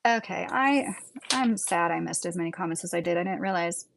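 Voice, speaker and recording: A woman in her thirties or forties with a Midwestern accent hosts a livestream, rambling casually as she reads the chat and laughs often. Her voice sits on the low side, moves fairly quickly, and has vocal fry, with noise in the background.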